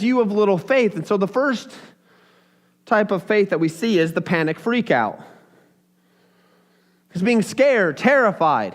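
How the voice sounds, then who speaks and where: A young pastor with a very high voice preaches a sermon, his delivery loose and conversational, slipping into little acted voices whenever he quotes someone.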